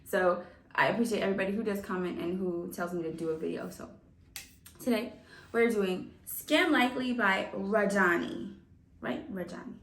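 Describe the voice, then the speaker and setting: Speaking at a normal speed in a mid-range voice, a woman hosts a music reaction video. She talks directly to her viewers in a casual way, laughing a lot. The audio is roomy, recorded off-mic from some distance.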